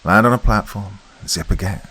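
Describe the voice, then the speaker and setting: A man doing a brash young woman in a horror story, full of know-it-all confidence and quick to tease her friends. Her voice stays low and deep. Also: sharp tone, husky. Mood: explaining.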